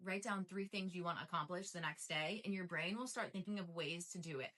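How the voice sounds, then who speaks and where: Young woman vlogger hyping up her routine, kinda low voice but bright and punchy, says like a lot. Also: brisk. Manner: chatty and emphatic, fillers and repetition. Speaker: lifestyle vlogger. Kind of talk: casual motivational talk to camera.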